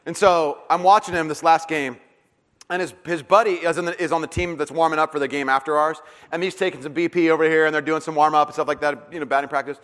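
A man's voice: on the high side, fast. A middle-aged man preaching a sermon, a pastor telling self-deprecating stories and acting out the voices in them. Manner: storytelling, self-deprecating, animated retelling with acted-out voices. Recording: long hall reverb.

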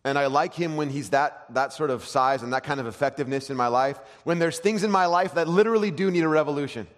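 A pastor in his thirties giving an animated sermon full of self-deprecating stories. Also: a little high, fast talker, long reverb tail.

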